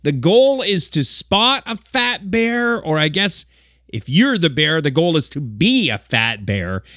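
A man hosting a comedic news countdown, animated and full of jokey asides. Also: on the high side, unhurried, no room sound, clean studio sound. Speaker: host of a countdown segment.

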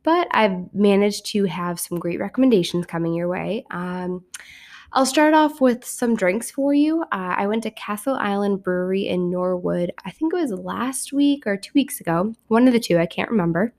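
A young woman talks through a casual solo podcast while sick with a cold. Her voice is hoarse and raspy with plenty of gravelly fry, and her pitch sits in an ordinary middle range. She stays chatty and upbeat and keeps poking fun at herself. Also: normal speed, darkish tone. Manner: chatty, self-mocking, upbeat. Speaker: podcast host.

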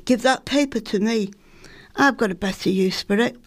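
A woman's voice: a little high, normal speed, dry recording. A woman with a Lancashire accent voicing a stern, practical working-class mother who scolds her son down to earth. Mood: scolding.

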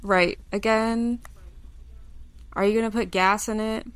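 A woman co-hosting a podcast in casual chat, calmly explaining points and reading from notes. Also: mid-range voice, unhurried, clean tone, dry recording. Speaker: podcast co-host.

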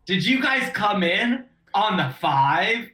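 A tabletop player voicing a laid-back Californian innkeeper with a slow, drawling delivery, in an echoey room. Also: medium pitch, very animated, sharp tone, exaggerated voice.

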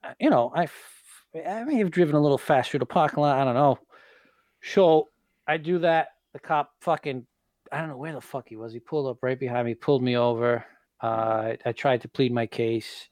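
A man's voice: medium pitch, brisk, a little mellow, no echo. Male podcast co-host, swears freely, plain mid voice, dry close sound. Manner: profane, matter-of-fact. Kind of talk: casual chat, storytelling.

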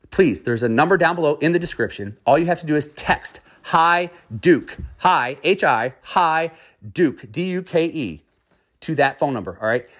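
A man hosting a motivational podcast as a success coach, talking in an upbeat, earnest, conversational way with fillers and restarts. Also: mid-range voice.

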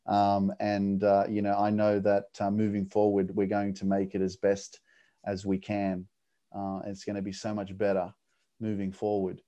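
A man's voice: lowish voice, monotone, moderate pace. A man hosting a podcast, closing an interview and signing off in an encouraging way with many fillers. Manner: warm encouraging sign-off with fillers. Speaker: podcast host. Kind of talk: interview wrap-up and show outro.

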